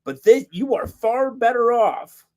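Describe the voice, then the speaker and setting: A man's voice: very high-pitched, expressive, measured pace, a little mellow. A man co-hosting a podcast, talking in a heated, rambling way with lots of filler words and swearing. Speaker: podcast co-host. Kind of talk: casual chat.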